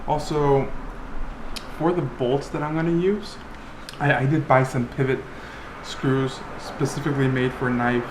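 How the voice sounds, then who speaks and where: A man's voice: mid-range voice, fairly even intonation, a little slow, noisy background. A man vlogging casually about a DIY project in his home workshop, talking with lots of fillers and restarts. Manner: chatty, filler-heavy, restarts often. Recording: roomy workshop, music playing underneath.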